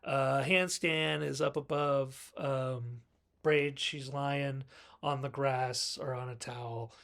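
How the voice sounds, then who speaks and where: A man's voice: mid-range voice, fairly even intonation, slow pace, vocal fry, a bit bright. A man reviewing a film in a casual recap, chatting along and acting out the characters' lines as he goes. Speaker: movie reviewer.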